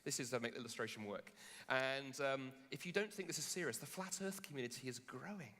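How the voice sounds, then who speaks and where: A Christian philosopher debates before a live audience on stage in a large conference hall, his mid-range voice moving briskly. Jet lagged, he tells jokey, animated stories full of restarts. The recording carries a long hall reverb.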